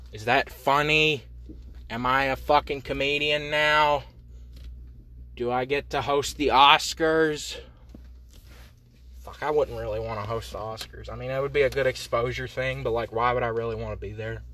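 A man's voice: medium pitch, bright, forceful tone. A man from Indiana hosting a solo comedy podcast, ranting in a profane, rambling, sarcastic way. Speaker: podcast host.

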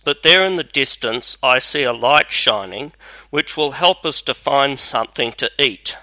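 A man's voice: mid-range voice, a little slow, sharp tone, no room sound, poor audio. A man voicing a bold, hungry soldier with a hearty, plainspoken manner in a storybook reading. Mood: steady. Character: hungry bold male soldier, fearless and blunt.

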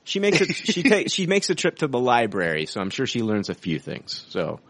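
A man co-hosting a podcast, talking excitedly about a film trailer and swearing casually. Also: medium pitch, normal speed, no echo. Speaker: podcast co-host.

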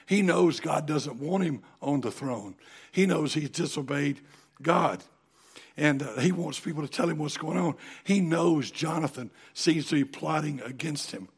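A man's voice: fairly high pitch, creaky, breathy edge. A man preaching a sermon, retelling a Bible story in a folksy way and acting out the characters' lines.

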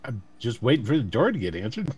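A man's voice: medium pitch, sing-song, fast, a little mellow, breathy edge. A man playing his character in a tabletop game, speaking in a playful, politely formal way. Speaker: player.

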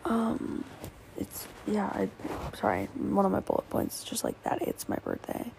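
A woman's voice: mid-range voice, huge pitch swings, moderate pace, creaky, a little mellow, slight background noise, rough recording. A teenage girl hosting a solo podcast, rambling with lots of fillers and often dropping to a whisper, a little tearful. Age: teens. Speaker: podcast host.

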